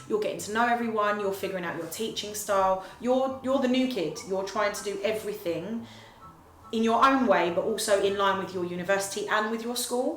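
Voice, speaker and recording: A woman teacher giving frank, reflective advice in a casual talk. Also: mid-range voice. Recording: roomy room, faint noise.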